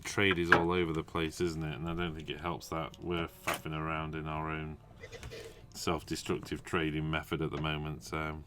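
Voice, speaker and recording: A man's voice: a bass voice, noisy background. A man hosting a casual hobby livestream, rambling and chatty, with lots of restarts and asides. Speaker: host.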